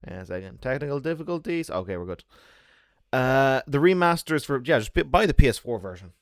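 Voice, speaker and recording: A man streaming games and chatting with his viewers. He tells stories animatedly, with a swooping pitch, sound effects and the odd swear. The sound is dry and close. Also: sing-song, brisk, dry recording. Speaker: game streamer. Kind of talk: casual chat with viewers.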